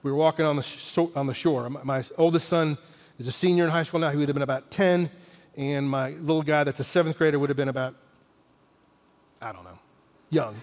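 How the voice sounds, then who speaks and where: A man in his forties preaching a sermon, an animated storyteller who sometimes drops almost to a whisper for emphasis. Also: on the high side, a little fast, in a large hall. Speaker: pastor.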